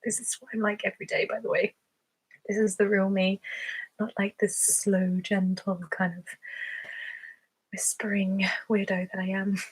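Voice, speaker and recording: Chatty, breathy Englishwoman with a southern English accent. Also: medium pitch, steady tone, normal speed, low-quality recording. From England. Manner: chatty and giggly, lots of fillers. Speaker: ASMR creator hosting a livestream. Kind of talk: casual chat reading viewer questions.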